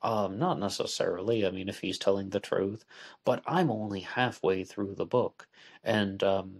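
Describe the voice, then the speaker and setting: A man hosting a solo podcast, talking in a measured, deliberate way and spelling things out letter by letter. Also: low-pitched, fairly even intonation, husky. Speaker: podcast host. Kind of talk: solo podcast book discussion.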